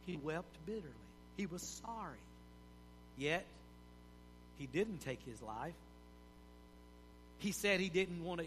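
A man preaching a sermon as pastor, folksy and animated, acting out the people in his story. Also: on the high side, in a large hall, slight background noise, poor audio.

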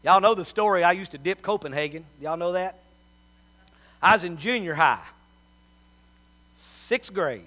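A man's voice: high-pitched, animated, measured pace, pauses often, bright, forceful tone. A middle-aged man, preaching a sermon as a pastor and telling folksy stories.

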